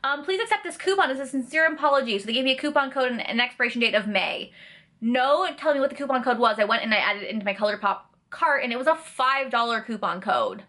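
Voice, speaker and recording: A young woman from Canada vents in a blunt, sarcastic rant full of swearing. Her voice is bright and forceful and sits a little high. She talks casually to camera. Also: animated, fast talker. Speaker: vlogger. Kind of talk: ranting vlog.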